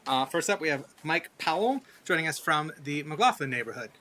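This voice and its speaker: Guy running a council meeting, calls folks up quick, bright voice, a bit of hiss. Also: on the high side, expressive. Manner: brisk, procedural. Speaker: meeting chair. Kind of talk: chairing a public meeting. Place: city council chamber.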